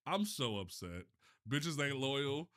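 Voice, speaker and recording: A man with a bright, forceful voice chats loosely on a livestream. He swears freely and trips over his words, restarting sentences as he goes, in a mid-pitched everyday tone. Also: slow pace. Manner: animated, profane, stumbling restarts. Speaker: livestream host. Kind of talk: casual livestream chat.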